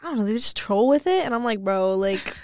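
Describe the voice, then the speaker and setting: A woman's voice: fairly high pitch, lively intonation, racing. A young woman co-hosting a podcast in casual chat, giggling often and swearing offhandedly. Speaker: podcast co-host.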